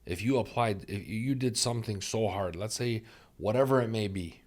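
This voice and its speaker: A man with a low, deep voice speaks as a podcast guest, talking through life lessons in an earnest, reflective way. He leans on repeated phrases to drive a point home. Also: normal speed, a little mellow. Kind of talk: reflective conversational storytelling.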